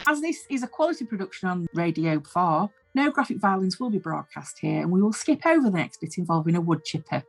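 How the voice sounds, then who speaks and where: A woman's voice: fairly low pitch, sing-song, a little fast, faint music behind, low-quality recording. A woman, host of the show, narrating her comic script in a dry, mock-solemn way.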